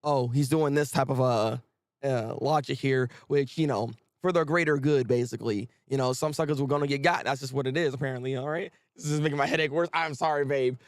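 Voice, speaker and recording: A man hosting a live manga reaction stream, talking in excitable, exclamatory, slang-filled rants. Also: mid-range voice, fairly quick, dry recording, studio quality.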